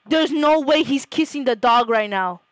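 A young woman streaming a game, chatting playfully and swinging from hushed spy whispers to loud shrieks. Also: high voice, lively intonation, normal speed, dry recording. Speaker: gaming streamer. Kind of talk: casual live-stream commentary.

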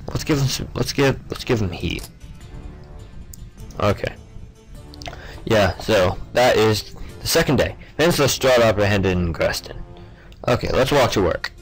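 A man's voice: medium pitch, fairly bright tone, poor audio. A young man giving casual gameplay commentary, stumbling over names and muttering offhand asides. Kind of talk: casual let's-play commentary.

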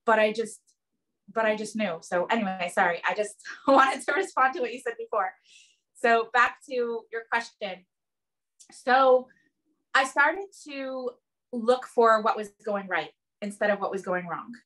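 A woman's voice: fairly high pitch, unhurried. A woman in casual conversation, earnestly telling a parenting story with lots of "like" and "um". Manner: earnest, animated storytelling with many "like" and "um". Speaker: guest sharing parenting experience.

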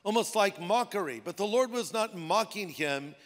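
A pastor preaching a sermon in a relaxed, conversational way, slipping into playful voices for the people in his stories. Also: high voice, moderate pace. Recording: long hall reverb.

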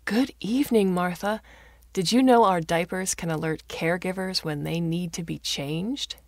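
A woman's voice: normal speed, dry recording, studio quality, lightly acted. A woman voicing a chirpy, upbeat advertisement for diapers. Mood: salesy. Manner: chirpy salesy pitch.

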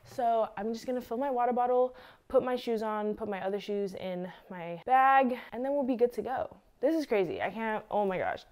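A woman's voice: a little high, a little mellow. A young woman chatting casually in a vlog, bubbly and giggly, full of "like" fillers. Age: young adult. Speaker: vlogger, college dance team member.

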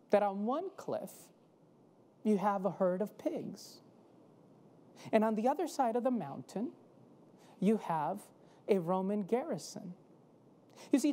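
Slow, mellow woman preaching a sermon. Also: fairly high pitch. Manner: storytelling, dramatic pauses.

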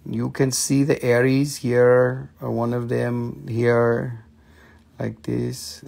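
A man's voice: medium pitch, level tone, slow, creaky, a little mellow. A man hosting a casual live stream that sells stones, joking and chatting back to viewers in a loose way and swearing now and then. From United States, Appalachian region. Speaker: host of a live shop stream selling minerals. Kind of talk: casual live-stream sales chat, reading chat comments.

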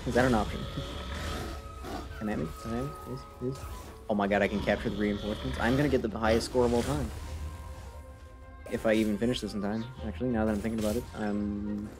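With game music behind him, a man keeps up a fast, steady-toned running commentary in a voice on the low side. He's playful and self-mocking, ribbing the game's characters as he streams.

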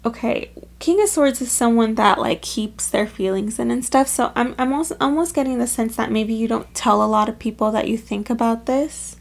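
A woman with a slightly high voice and a gravelly fry talks through a pick-a-card tarot reading. Her delivery is chatty and full of fillers, and she grows openly emotional as she speaks. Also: normal speed, few pauses. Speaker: tarot reader.

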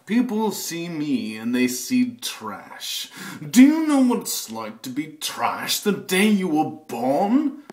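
A man voicing a sneering, taunting man with drawn-out, theatrical delivery, recorded in an echoey bathroom. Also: a little high, very animated, darkish tone, voice pushed up. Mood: bitter.

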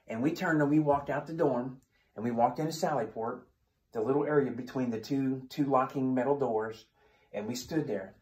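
A man's voice: medium pitch, moderate pace, a little mellow. A male defensive tactics instructor telling a story as a lesson, plain-spoken, asking questions and answering them himself. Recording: echoey room.

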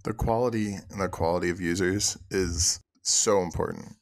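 A man with a low, gravelly voice talks as a guest on a podcast. He speaks casually and eagerly, often restarting sentences and dropping the odd swear word. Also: fairly even intonation, normal speed. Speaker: guest, software project co-founder.

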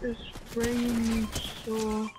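A woman's voice: fairly high pitch, completely flat delivery, extremely slow, background noise. A woman playing in a squad, repeating pleas and orders in a flustered way. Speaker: squad teammate. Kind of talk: casual gaming chat.

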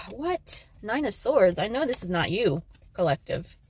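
A woman giving a casual tarot card reading to camera, excitable and joking, swearing freely as she talks to her viewers. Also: mid-range voice, measured pace, slightly rough. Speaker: tarot reader.

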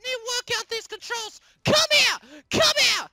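A performer voicing a plush toy character who yells and shrieks frantically through a video game, sounding hoarse after an illness. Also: very high voice, lively intonation, measured pace, soft background music, full character voice. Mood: frantic. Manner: shrieking, frantic yelling while playing. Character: squeaky plush toy character, excitable and panicky. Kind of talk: gaming comedy voice acting.

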